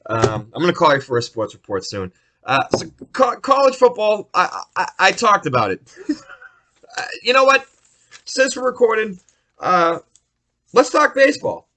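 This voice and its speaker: A young man hosting a solo podcast, ranting about sports in a profane, rambling, excitable way. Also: sits high, normal speed, long pauses, a little hiss or hum. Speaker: podcast host.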